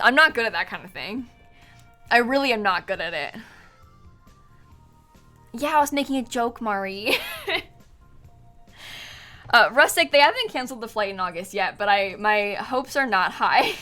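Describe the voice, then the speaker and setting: A woman's voice: fairly high pitch, animated, normal speed, long pauses, sharp tone. A young woman chatting casually on a live stream while playing a game, giggling often and thanking viewers from chat. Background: faint music.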